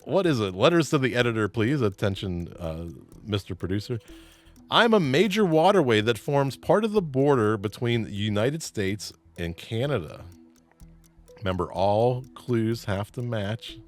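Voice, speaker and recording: A man's voice: medium pitch, expressive, moderate pace. A man runs a trivia game show, reading out clues and teasing the contestants with easy laughter. His voice moves a lot, rising and dipping as he talks. Faint music plays in the background. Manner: playful, laughs often, jokes with players.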